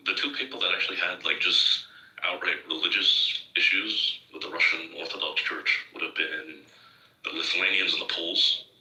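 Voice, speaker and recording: A young man with a low, sharp, bright voice explains history in a casual, filler-heavy way. He sounds far from the mic in an echoey room. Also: steady tone, moderate pace. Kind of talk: casual chat. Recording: roomy, distant mic.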